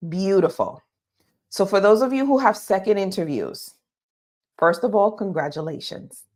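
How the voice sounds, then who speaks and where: A woman's voice: mid-range voice, moderate pace, a little mellow. A woman giving live career advice, emphatic and talking straight to her listeners, often checking in with "okay?". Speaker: career coach.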